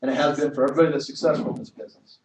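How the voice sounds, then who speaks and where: A man's voice: on the high side, flat delivery, very fast, darkish tone, slight background noise. A middle-aged man giving an emphatic motivational sales talk to a room of people, telling stories with frequent restarts. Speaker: network marketing speaker. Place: meeting room. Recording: echoey hall from far off.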